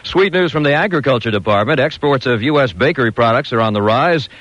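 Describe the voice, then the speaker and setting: A man reading the radio news, brisk and crisp, with a light play on words. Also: medium pitch, expressive, a bit bright, no echo. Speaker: radio newsreader. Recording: dull lo-fi radio broadcast.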